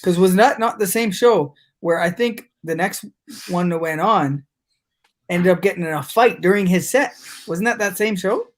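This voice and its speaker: A man on a casual podcast with friends, chiming in with quick remarks and questions. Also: high-pitched. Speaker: podcast co-host. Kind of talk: casual chat.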